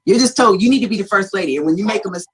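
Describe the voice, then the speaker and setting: Husky woman guest, chatty, laughs a lot while telling her story. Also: medium pitch, very fast. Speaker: author and guest. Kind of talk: casual talk-show chat.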